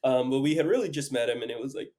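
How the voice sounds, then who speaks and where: Young male podcast host, mid-pitched, casual rambling storyteller. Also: fast talker, mellow. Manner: rambling, heavy use of "like".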